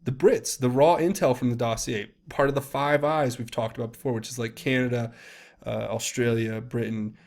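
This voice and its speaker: A man's voice: medium pitch, fairly even intonation, moderate pace, darkish tone. A man hosting solo political commentary, reading posts aloud in a casual, rambling, emphatic way with many fillers and restarts.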